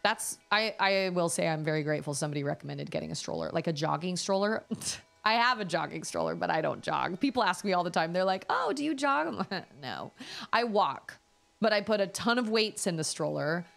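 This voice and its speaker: A woman streamer chatting casually, rambling and animated as she tells a story. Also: lowish voice, quick pace, gravelly, faint music behind. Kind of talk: casual chat.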